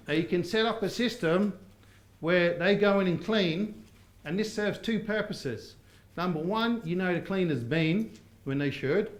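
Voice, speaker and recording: Brief: upbeat man, slightly high voice, runs a live training room, echoey hall. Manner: lively, quizzes the audience with call-and-response. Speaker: property course trainer. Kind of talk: live seminar teaching. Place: seminar room with audience. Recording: roomy seminar hall sound.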